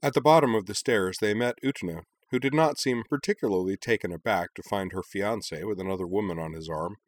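A man reading a story aloud in a measured storytelling manner. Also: lowish voice, no room sound. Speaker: audiobook narrator. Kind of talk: scripted narration.

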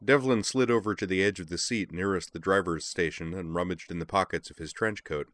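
A man reading a story aloud in a wry, measured storytelling manner. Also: low voice, fairly bright tone. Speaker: narrator. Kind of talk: audiobook narration.

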